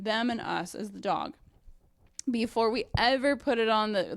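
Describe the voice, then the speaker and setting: A young adult woman dog trainer talking casually and bluntly about teaching clients, animated and swearing freely. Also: mid-range voice, no room sound, studio quality.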